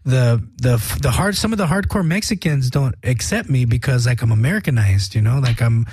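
A man hosting a casual music radio show, talking in a relaxed, rambling way with plenty of fillers. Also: mid-range voice, a little fast, a little hiss or hum. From United States.

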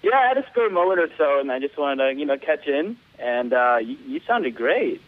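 A man's voice: medium pitch, very animated, a little fast. A man calling in to a radio show, playful and joking over the phone. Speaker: caller. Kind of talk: call-in chat. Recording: tinny phone line.

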